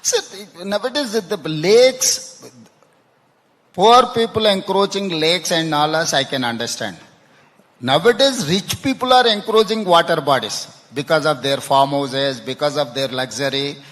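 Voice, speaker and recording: A man answering interview questions on stage, halting and repeating words, often ending with "no?". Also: fairly high pitch, animated, fairly bright tone. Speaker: chief minister interviewed on stage. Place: conference hall stage. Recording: long hall reverb.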